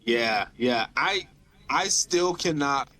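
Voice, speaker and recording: A man's voice: mid-range voice, animated, takes it slowly, bright, forceful tone, no room sound. A man from the Southern United States with a light Southern accent, chatting as a podcast guest and telling stories animatedly. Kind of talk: casual chat.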